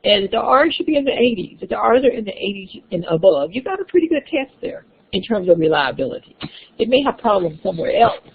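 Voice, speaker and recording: A woman's voice: medium pitch, slightly rough. A woman instructor giving a classroom lecture, explaining step by step with frequent restarts and fillers. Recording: tinny phone-like lecture recording.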